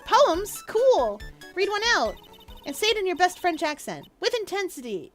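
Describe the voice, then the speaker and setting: A woman voicing an excitable, nosy young female sidekick who squeals her eager exclamations. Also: extremely high pitch, normal speed, soft background music, pitched above the performer's own voice, heavily acted. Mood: excited.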